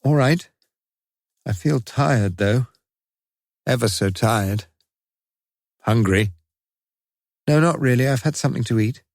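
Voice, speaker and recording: A man's voice: mid-range voice, slow, vocal fry, pauses often, a little mellow, dry recording, studio quality, voice pushed up. A man voicing a tired, subdued young man lying injured in hospital. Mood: weary.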